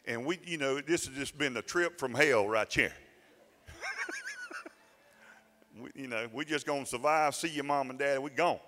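A pastor telling a personal story in a sermon, folksy and self-mocking, dropping into plain dialect grammar. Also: male voice, mid-range voice, moderate pace, bright, forceful tone. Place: church sanctuary. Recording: church sanctuary with long reverb and faint music.

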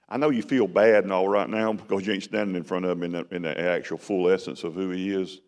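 A man's voice: deep voice, fast, few pauses, a little mellow. A man preaching a sermon in a conversational style that rises to emphatic bursts. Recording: long hall reverb.

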